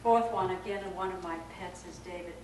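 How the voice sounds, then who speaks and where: A woman minister giving a lively, playful sermon who acts out the voices she quotes. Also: fairly low pitch, a little fast. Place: church sanctuary. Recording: echoey church hall from far off, with hiss.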